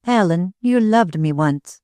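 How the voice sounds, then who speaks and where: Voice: medium pitch, a little slow, clear, resonant tone, dry recording, clean studio sound, close to an everyday voice. A narrator voicing a proud, bitter young woman. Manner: steady and bitter. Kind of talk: audiobook character reading.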